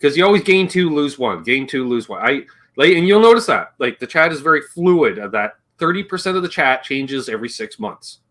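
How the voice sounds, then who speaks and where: A man's voice: a little high, big pitch swings, fairly quick, hardly any pauses, a bit bright. A man hosting a casual livestream chat, rambling and joking and reading viewer comments aloud as he talks. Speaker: livestream host.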